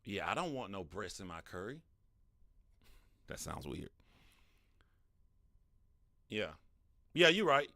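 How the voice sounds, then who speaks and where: A deep-voiced man riffs through a casual livestream. His tone is bright and forceful, and he laughs often as he answers his chat. The close, dry mic leaves no room sound. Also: slow, creaky, pauses often, no echo. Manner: animated, laughs often, talks back to chat. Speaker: livestream host.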